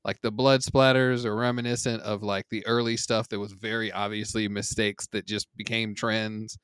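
Man, podcast panelist, casual film review, smooth voice, dry sound, animated. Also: fairly low pitch, moderate pace, no room sound. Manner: animated retelling, acts out quotes; trails off in fillers when summing up. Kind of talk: casual movie review chat.

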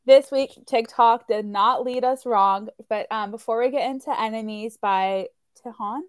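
A woman co-hosting a podcast, talking in a relaxed, emphatic, plain-spoken way. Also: a little high, normal speed, dry recording, clean studio sound. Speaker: podcast co-host. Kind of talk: casual chat.

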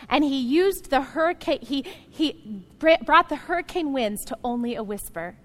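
A woman pastor preaching a sermon to her congregation, speaking earnestly and directly to the listeners, building into loud, emphatic passages. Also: high voice, animated, normal speed.

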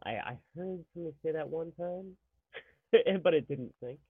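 Male co-host, slightly high voice, dry sound, relaxed chat, chuckles. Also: normal speed, slightly rough, dry recording, phone-quality sound. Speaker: podcast co-host. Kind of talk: casual banter.

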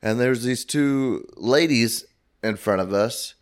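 A man's voice: medium pitch, slow pace, clean tone. A man casually telling a long, rambling, profane story to his podcast co-hosts. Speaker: podcast co-host.

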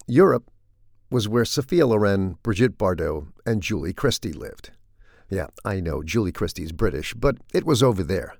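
A middle-aged man with a low, gravelly voice reads his comic commentary in a wry, deadpan way. He sounds close and dry, with no room around him. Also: dry recording. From United States. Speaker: commentator hosting a weekly segment.

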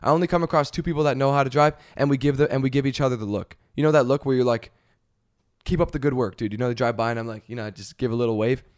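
A man's voice: mid-range voice, steady tone, racing, few pauses. Exasperated, profane male podcast host. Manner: profane, exasperated, rambling with fillers. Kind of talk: casual comedic rant.

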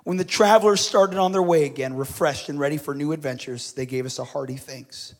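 Preacher guy reading a story in a sermon, bit high voice, gets loud then drops way down. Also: brisk. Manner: dramatic readings with swelling and dropping loudness.

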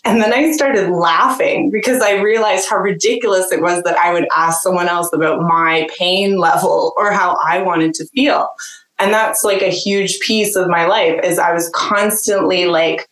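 A woman's voice: lowish voice, moderate pace, fairly bright tone. A woman guest telling a personal story in a casual, chatty way, full of "like" fillers and frequent laughter. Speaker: podcast guest, jeweler. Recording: roomy echo.

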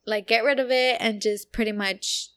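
A woman's voice: fairly high pitch, steady tone, moderate pace, a bit bright. A young woman casually telling a personal story, chatty and full of fillers, acting out what people said. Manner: chatty, full of "like" fillers, acts out quoted lines.

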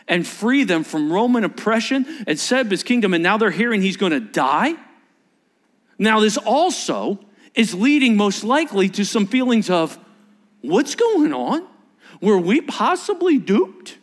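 A man preaching a sermon as a pastor, animated and acting out quotes in changing voices. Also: sits high, normal speed.

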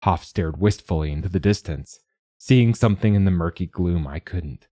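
A man narrating a novel in the first person with measured, steady delivery. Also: low voice, dry recording, clean studio sound. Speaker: audiobook narrator.

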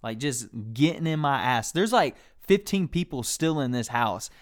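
A young man hosting a podcast, telling a story in casual, profane, animated chat. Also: medium pitch, moderate pace. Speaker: podcast host.

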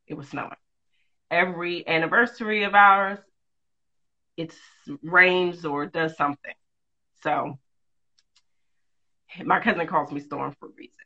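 A woman, a mother of two, telling a personal story in a candid, lively, casual way with quick asides. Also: on the low side, highs cut off. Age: adult, mother of two.

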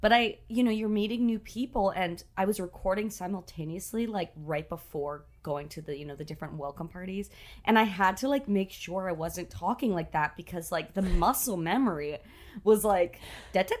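A woman's voice: lowish voice, normal speed. A woman co-hosting a podcast in casual chat, talkative with frequent fillers and laughs. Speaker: podcast co-host. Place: at home in Los Angeles.

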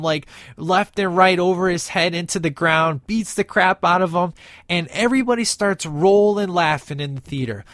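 Excited man rambling through a movie recap. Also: on the high side, no room sound, clean studio sound. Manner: enthusiastic, rambling with many fillers. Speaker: movie reviewer. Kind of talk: casual spoiler review.

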